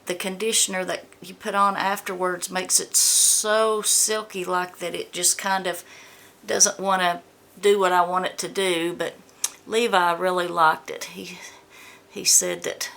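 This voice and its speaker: A woman's voice: medium pitch, creaky, a bit bright, slight background noise. A woman from the American South chatting casually through a beauty box unboxing. She reads product blurbs aloud and stumbles over the product names. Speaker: beauty vlogger.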